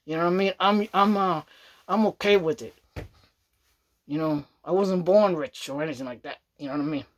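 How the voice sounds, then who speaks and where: A woman vlogs in a loose, rambling monologue, checking in with the listener by repeating "you know what I mean" and laughing often. Her voice is fairly low-pitched and fairly quick.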